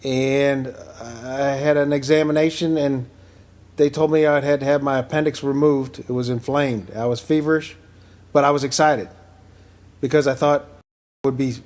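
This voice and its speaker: Man, 50s, mid pitch, measured and self-mocking storyteller. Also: a little mellow. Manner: measured, wry, self-deprecating. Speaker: interviewee telling a personal story. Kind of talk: personal storytelling.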